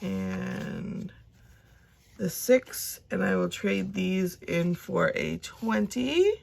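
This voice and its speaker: Chatty young woman with gravelly fry. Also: medium pitch, drawn-out words. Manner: chatty, talks to herself, drifts into soft whispers. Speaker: budgeting vlogger. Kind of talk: casual chat while counting cash.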